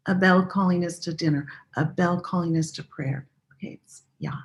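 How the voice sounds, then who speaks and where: A woman teaching a spiritual practice, guiding listeners through a chant in a calm, unhurried, gently encouraging way. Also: lowish voice, poor audio. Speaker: Sufi teacher leading a practice. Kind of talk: guided meditative chant instruction.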